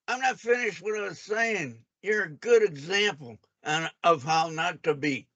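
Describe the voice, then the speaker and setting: A man's voice: high-pitched, normal speed, bright, forceful tone, muffled recording. A man on a voice call, arguing combatively and cutting in with repeated insults. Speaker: caller on a group call. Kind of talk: heated argument on a voice call.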